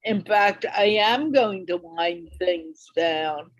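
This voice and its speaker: A woman hosting a reflective panel talk, speaking gently as she brings the hour to a close. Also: fairly low pitch, slow pace, no echo, low-quality recording. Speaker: host.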